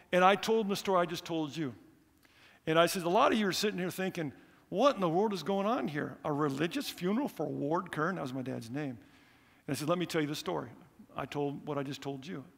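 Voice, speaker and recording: Gravelly-voiced preacher man in an echoey hall. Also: a little high. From United States. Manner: storytelling preacher, animated and earnest. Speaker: missionary speaker. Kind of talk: sermon. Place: church hall.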